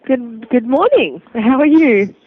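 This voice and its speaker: An Australian woman answering calls at a radio station, polite and brisk as she takes a caller's details. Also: on the high side, expressive, crowd noise. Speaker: radio station call screener. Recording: tinny phone line.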